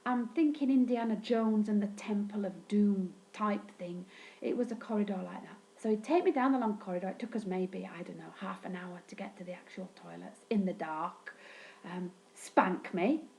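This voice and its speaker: A woman recounts her childhood in a casual vlog, her humor dry and deadpan with bursts of swearing. Her voice is mellow and soft-edged, sitting at an ordinary pitch for a woman. A faint hiss runs under the recording. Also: normal speed, creaky, poor audio. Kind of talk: casual storytelling monologue.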